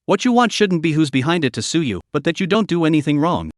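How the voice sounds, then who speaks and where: A strict class president, voiced by a male narrator, who lectures his classmate firmly. The voice is fairly high and moves a lot, and the recording is dry and close. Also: sing-song, fast talker, no room sound. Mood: stern. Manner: firm, lecturing.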